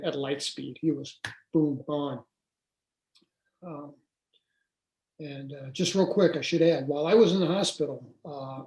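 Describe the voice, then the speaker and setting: A man's voice: fairly high pitch, a little mellow. Older man telling a story, echoey room. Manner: conversational, many fillers and restarts. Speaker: interview guest. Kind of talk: casual storytelling interview.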